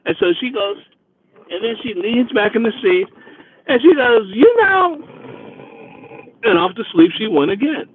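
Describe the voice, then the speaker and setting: High-voiced man telling a driving story. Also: normal speed, breathy edge. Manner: animated, chatty retelling with acted quotes. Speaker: rideshare driver and vlog host. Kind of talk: casual storytelling. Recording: dry, phone-like lo-fi sound.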